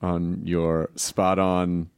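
Low-voiced joking podcast host. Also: male voice, completely flat delivery, a little mellow, clean tone. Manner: quick, joking and teasing. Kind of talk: comedy podcast banter. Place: studio.

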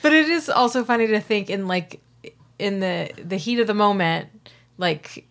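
A woman's voice: mid-range voice, normal speed. A woman co-hosting a podcast, talking casually about a sitcom and thinking aloud with lots of fillers. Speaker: podcast co-host. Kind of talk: casual chat recapping a sitcom.

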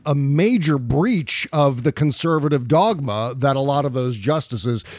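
A man's voice: mid-range voice, expressive, unhurried, darkish tone. A man co-hosting a podcast, chatting casually and animatedly about politics, sometimes mocking the people he quotes. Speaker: podcast co-host.

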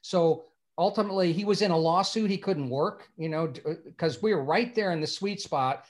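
A man's voice: sits high, a little fast. An older man from Indiana, a screenwriter telling a long anecdote in an interview, meandering and repeating words as he restarts. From Indiana, USA. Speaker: screenwriter guest.

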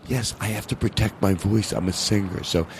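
A man voicing a fussy male singer who orders in a hoarse whisper to protect his voice. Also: lowish voice, normal speed, slight background noise, voice pushed down, natural voice. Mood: whiny diva. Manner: whispering, insistent.

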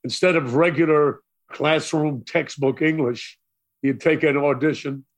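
Older Brooklyn man with a New York accent, slightly high voice, theatrical storyteller. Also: steady tone, measured pace. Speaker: radio DJ guest. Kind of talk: storytelling interview.

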